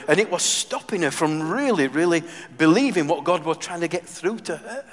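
A man delivers a sermon, pressing his points with loud emphasis before dropping to hushed, earnest asides. His voice carries a long reverb from the hall around him. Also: fairly high pitch, lively intonation, normal speed, few pauses. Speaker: preacher.

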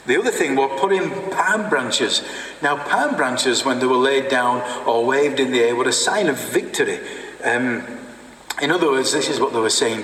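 Male preacher, unhurried and halting, distant mic, long hall reverb. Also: mid-range voice, a bit bright. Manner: halting, with fillers and repeated words. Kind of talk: sermon. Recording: echoey hall from far off.

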